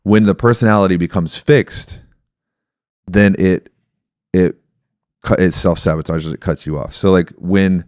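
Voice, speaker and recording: A man's voice: deep voice, fairly even intonation, a little slow, pauses often, a little mellow, no echo, clean studio sound. A man in his thirties hosting a podcast, telling a story and explaining ideas in a reflective, casual way. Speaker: podcast host.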